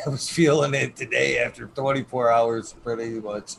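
A man's voice: medium pitch, steady tone, measured pace, gravelly, a bit bright. A man hosting a long livestream show, talking casually, swearing often and chuckling as he signs off. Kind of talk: casual chat. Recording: noisy background hiss.

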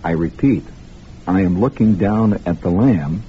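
A man's voice: sits low, measured pace. Mock-grave radio storyteller man, lo-fi. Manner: conspiratorial, mock-grave, talks straight to listeners. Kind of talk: improvised radio monologue storytelling. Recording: lo-fi 1960s radio broadcast, faint hiss.

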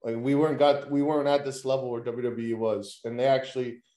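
A man's voice: mid-range voice, level tone, quick pace, mellow, roomy sound. A man co-hosting a casual chat, cutting in eagerly with questions. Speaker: podcast co-host.

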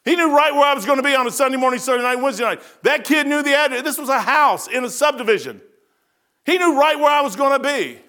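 A middle-aged man preaching a sermon, telling folksy stories that swing between loud bursts and quiet asides. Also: very high-pitched, animated, quick pace. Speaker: pastor.

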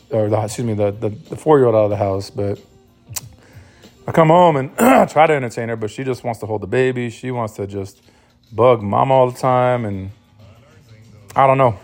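A man's voice: mid-range voice, darkish tone. A man hosting his own podcast in a loose, rambling, profane monologue, full of restarts and sounding sleep-deprived. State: sleep-deprived new father. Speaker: podcast host. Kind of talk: casual solo monologue.

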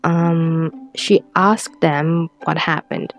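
A teenage girl telling a personal story in a rambling, halting way with many restarts, close to tears at times. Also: sits low, steady tone, faint music behind. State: tearful at times.

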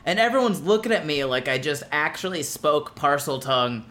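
A man's voice: a little high, a little fast, hardly any pauses, slight background noise. A man co-hosting a podcast, chatting casually and acting out the voices of people in his stories. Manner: animated, acts out everyone's voices in his stories. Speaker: podcast co-host. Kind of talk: casual chat, comedic storytelling.

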